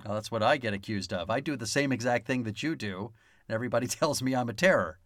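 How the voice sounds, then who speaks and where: A man's voice: medium pitch, fast, fairly bright tone, dry recording. Guy cohosting a movie podcast, cursing and laughing a lot, dry close sound. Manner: profane, laughs often, mock-stern teasing. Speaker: podcast co-host. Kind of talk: casual chat about a film.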